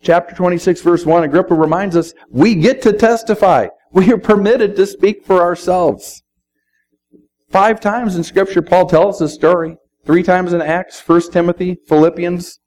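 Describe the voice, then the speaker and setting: A man's voice: high-pitched, fairly even intonation, normal speed, darkish tone, poor audio. A middle-aged man preaching a sermon, speaking conversationally and quoting scripture. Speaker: pastor.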